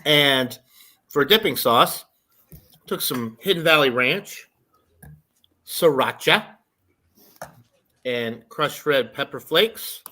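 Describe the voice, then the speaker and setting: Chill guy talking real slow on a stream, bright voice. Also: medium pitch, expressive. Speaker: guest on a live beer show. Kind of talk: casual live-stream chat.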